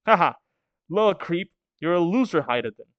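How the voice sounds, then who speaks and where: A man's voice: sits high, lively intonation, moderate pace, dry recording, muffled recording. A man voicing a scornful, bullying young giant prince who mocks the weak, reading a manga aloud. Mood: sneering. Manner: sneering, mocking.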